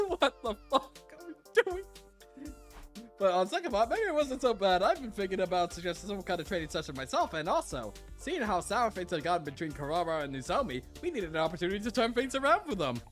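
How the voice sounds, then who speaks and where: Animated male streamer who reads a story game aloud and reacts with swearing. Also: sits high, quick pace, few pauses, faint music behind. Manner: swings between voices, laughs and swears at the game. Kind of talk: reading a visual novel aloud with commentary.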